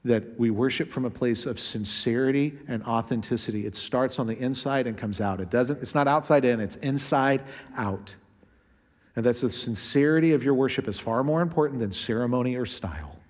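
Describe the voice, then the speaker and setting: A male pastor preaching a sermon in a conversational way, acting out quotes with shifting pitch and pace. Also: moderate pace, a little mellow, long reverb tail.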